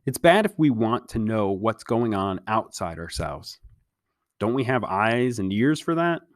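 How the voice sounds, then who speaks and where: A man reading aloud and voicing a dreamy, whimsical teenage girl who speaks softly and slowly. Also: lowish voice, very animated, dry recording, clean studio sound.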